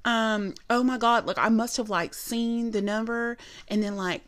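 A woman's voice: on the high side, fairly even intonation, measured pace, a bit bright. A woman doing a flustered Southern waitress. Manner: gushing, apologetic, breathless repetition.

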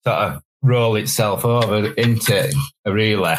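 A man's voice: on the low side, unhurried, a little hiss or hum, low-quality recording. A man in his forties from West Yorkshire with a Yorkshire accent, chatting candidly as a podcast guest and rambling with repeated words. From West Yorkshire, England. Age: 40s. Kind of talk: casual chat.

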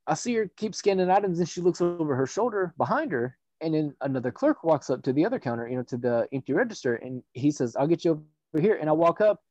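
A man's voice: a little high, dry recording. Profane rambling male storyteller. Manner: rambling, profane, animated retelling with quoted voices. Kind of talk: casual storytelling. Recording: dull dry audio.

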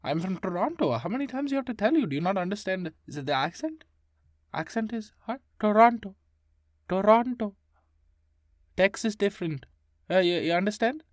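A man putting on a baffled interview guest with a thick put-on accent, who insists again and again that he is from Toronto. He stumbles, restarts and repeats himself in a middle-pitched voice. The sound is dry and close, with no room around it. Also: animated, fairly bright tone, no echo. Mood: flustered. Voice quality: halting, flustered, repeats himself. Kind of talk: improvised comedy interview sketch.

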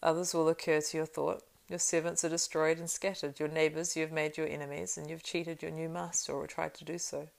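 A woman reading the part of a stern, commanding old male wizard in an audiobook, grave and measured, with a low, gravelly voice. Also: little pitch movement.

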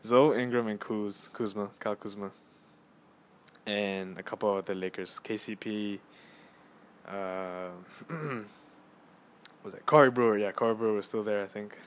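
Rambling, excitable young man podcasting. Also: on the low side, measured pace, long pauses. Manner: rambling and excitable, many fillers and restarts. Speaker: podcast host. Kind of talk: casual solo podcast storytelling. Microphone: phone.

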